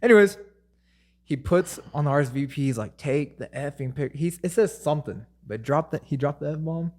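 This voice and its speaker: A man's voice: on the high side, lively intonation, a little fast, darkish tone. A young man co-hosting a podcast, telling a rambling family story and acting out the quotes. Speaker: podcast co-host. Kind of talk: casual chat.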